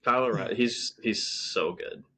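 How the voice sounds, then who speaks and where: A man's voice: on the low side, normal speed, sharp tone, breathy edge. A man co-hosting a podcast, casually reviewing wrestling shows with lots of ums and restarts. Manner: rambling, frequent ums and restarts. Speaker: podcast co-host.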